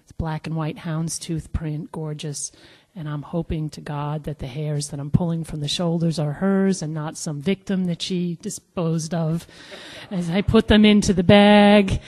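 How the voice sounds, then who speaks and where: A woman telling a personal story live at a storytelling event, animated and acting out the dialogue. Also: sits low, unhurried. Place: museum event hall. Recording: long hall reverb at live event.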